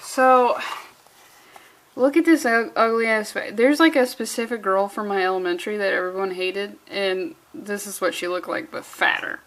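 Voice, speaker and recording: A woman's voice: medium pitch, moderate pace, fairly bright tone. A young adult woman reviewing a comic in a sarcastic, profane, exasperated rant. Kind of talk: sarcastic ranting commentary.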